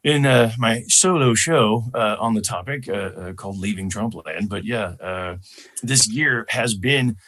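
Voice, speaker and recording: A man from Chicago with an American accent, a comedian talking as a podcast guest, animated and quick to slip into impressions. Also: lowish voice. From Chicago, USA. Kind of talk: podcast conversation.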